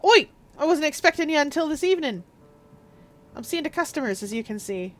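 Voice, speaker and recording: A woman's voice: sits high, big pitch swings, fairly quick, a bit bright, faint music behind, pitched above the performer's own voice. A woman voicing a boastful, street-wise rat-catcher shopkeeper in a chatty, cheeky manner as she reads a text game aloud.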